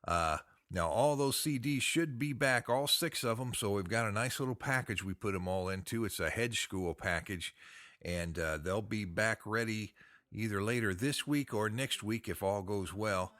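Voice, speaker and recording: A man's voice: lowish voice, moderate pace, fairly bright tone, no echo, studio quality. An American man hosting a podcast, chatting in a folksy, upbeat way. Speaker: podcast host. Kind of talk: casual podcast chat.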